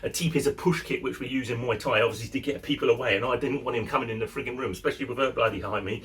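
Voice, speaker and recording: A middle-aged man, a vlogger recounting a story to camera in an excitable, chatty way, swearing mildly and chuckling. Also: mid-range voice, rapid-fire.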